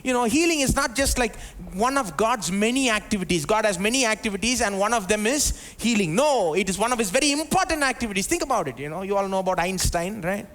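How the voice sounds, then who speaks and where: A man's voice: high-pitched, lively intonation, fast, hardly any pauses, fairly bright tone. A male pastor, giving a live sermon in a conversational way, full of rhetorical questions and asides to the congregation. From India. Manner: conversational preaching, many rhetorical questions and "you know". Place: church service before a congregation.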